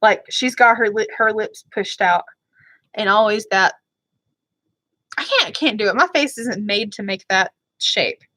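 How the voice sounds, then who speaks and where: Chatty, apologetic woman vlogger, bright voice. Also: mid-range voice, measured pace, no room sound. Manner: chatty, rambling, often apologetic. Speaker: beauty vlogger. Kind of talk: casual chat.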